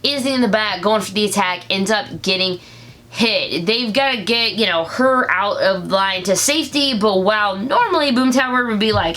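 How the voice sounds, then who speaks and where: Chatty bright-voiced woman reviewer. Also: medium pitch, animated. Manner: chatty, jokey, acts out lines in quick voices. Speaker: show reviewer. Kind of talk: casual episode recap.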